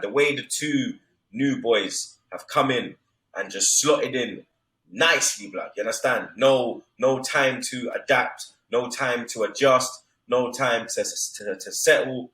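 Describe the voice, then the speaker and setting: Loud swearing young man. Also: medium pitch. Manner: loud, swearing, repeats street slang tags. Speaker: football podcast co-host. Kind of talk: heated casual football banter. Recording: echoey room.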